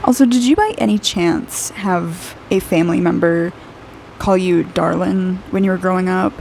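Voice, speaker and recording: A woman's voice: on the low side, normal speed, vocal fry, darkish tone, slight background noise. A woman in her twenties giving a casual intuitive aura reading while she draws, chatty and rambling, dropping "like" often and laughing a lot. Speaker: aura reader and artist.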